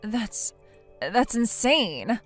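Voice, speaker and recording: A woman's voice: a little high, very animated, very slow, soft background music, full character voice. A woman voicing a whiny, self-pitying wife. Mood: defensive. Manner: whiny, defensive. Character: self-pitying young wife who cheated. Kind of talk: text story narration.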